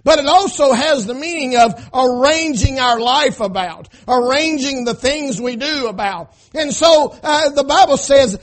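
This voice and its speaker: High-pitched male pastor preaching, call-and-response cadence, builds to shouting. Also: a little slow, few pauses. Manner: preacher cadence, frequent "amen?" call-outs; rising to shouting at climaxes. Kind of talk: sermon.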